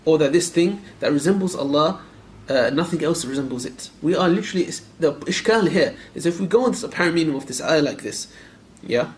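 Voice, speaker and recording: A man teaching a lecture class on a creed text. He questions his students directly, repeats phrases for emphasis and recites Arabic verses quickly. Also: fairly high pitch, expressive. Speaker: Islamic teacher.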